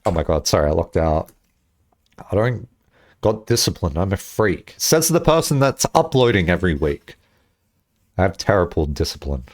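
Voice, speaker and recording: A man's voice: deep voice, moderate pace, long pauses. A young man streaming and chatting casually, rambling through stories with lots of swearing and laughter. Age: young adult. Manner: rambling, profane, laughs often, animated storytelling.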